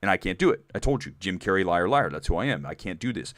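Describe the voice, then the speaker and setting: A man hosting a live movie talk show, chatting candidly to viewers with animated, rambling asides. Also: low-pitched, fast talker, no room sound, studio quality. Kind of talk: live-stream chat reading viewer comments.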